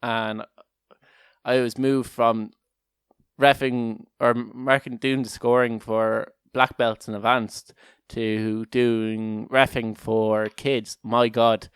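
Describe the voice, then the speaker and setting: Rambling podcast co-host. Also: male voice, mid-range voice, flat delivery, takes it slowly, smooth, no echo, clean studio sound. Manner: rambling, laughs often, restarts a lot. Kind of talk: casual chat.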